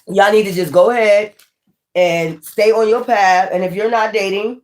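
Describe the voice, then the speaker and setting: A woman's voice: mid-range voice, fairly even intonation, moderate pace. A woman giving a casual tarot reading, blunt and profane, who warns the viewer and repeats her points for emphasis. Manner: warning the viewer, repeating herself. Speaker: tarot reader.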